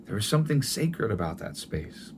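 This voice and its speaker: Middle-aged male pastor, tender and gentle, restarts phrases, low voice. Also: very animated, normal speed, creaky, background noise. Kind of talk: sermon.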